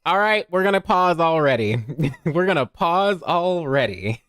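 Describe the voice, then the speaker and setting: A man's voice: a little high, big pitch swings, measured pace, fairly bright tone, clean tone, no room sound, clean studio sound, faint music behind. A man hosting a casual game livestream who greets viewers by name and laughs often. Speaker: game streamer.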